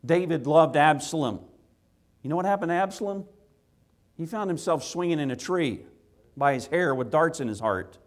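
A man, a father, preaching a sermon to children, swinging from loud impassioned rises to quiet earnest asides. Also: on the high side, animated, normal speed. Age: adult with children. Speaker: pastor.

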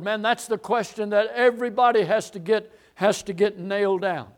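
Man preacher, high voice, sermon delivery, repeats lines for emphasis and rises to loud declarations. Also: steady tone, moderate pace. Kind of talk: sermon, expository Bible teaching.

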